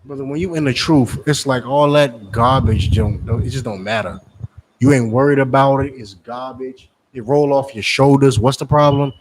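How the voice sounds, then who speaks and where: A man preaching in a forceful, scolding way, repeating his points. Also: medium pitch, normal speed, a little hiss or hum. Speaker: street preacher. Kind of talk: street-corner preaching.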